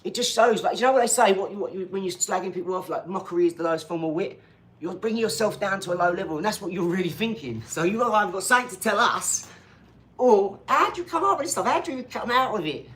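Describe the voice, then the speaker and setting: A man's voice: sits high, fast talker, a bit bright. A man, talking casually on a live stream in a rambling, cheeky way and laughing between his remarks.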